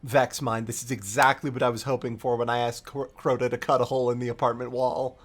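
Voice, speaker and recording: A man voicing a scheming female alien sorceress who speaks with dry sarcasm, in a lowered voice. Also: little pitch movement, fast, lightly acted. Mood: sarcastic.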